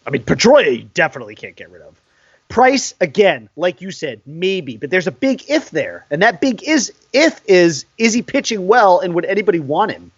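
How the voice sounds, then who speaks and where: A man's voice: high-pitched, normal speed, breathy edge, no room sound, highs cut off. A man in his forties co-hosting a casual sports podcast, telling stories with lots of laughs. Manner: animated storyteller, laughs often. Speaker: podcast co-host.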